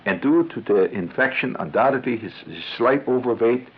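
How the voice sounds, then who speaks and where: A man's voice: mid-range voice, lively intonation, moderate pace, breathy edge. A man voicing a fussy, avuncular older doctor with a slight foreign accent and a pompous, murmuring manner. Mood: solemn. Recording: tinny 1970s radio broadcast.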